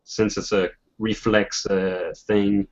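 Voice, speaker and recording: A man narrating as game master of a tabletop role-playing game, halting with restarts and fillers. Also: lowish voice, flat delivery, a little mellow. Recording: dull lo-fi voice chat audio.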